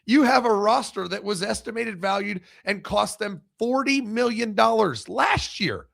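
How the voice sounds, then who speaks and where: A man's voice: high voice, animated, a little slow, gravelly, fairly bright tone. A man co-hosting a sports podcast in casual, blunt and profane talk, often restarting his sentences as he makes a point.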